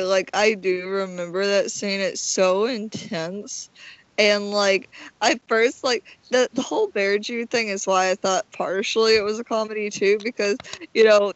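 A woman's voice: mid-range voice, no room sound, rough recording. A woman co-hosting a casual podcast, joking and teasing, with rambling asides. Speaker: podcast co-host. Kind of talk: casual chat.

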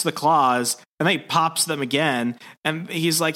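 A young man co-hosting a casual podcast, retelling a comic's plot and jumping into loud, high impressions of the characters. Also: moderate pace, hardly any pauses. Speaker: podcast co-host recapping comics.

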